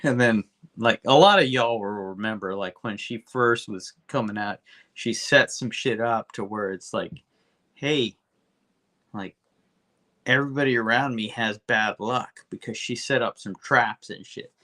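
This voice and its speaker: A man co-hosting a podcast, rambling through a comic book recap with lots of swearing and quick character asides. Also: lowish voice, bright, forceful tone. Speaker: podcast co-host.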